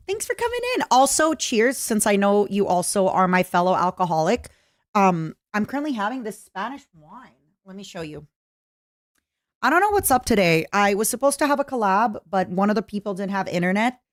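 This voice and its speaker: A young woman with a Canadian accent chatting casually with her stream viewers, jokey and full of quick asides. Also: mid-range voice, no room sound, clean studio sound. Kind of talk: casual livestream chat.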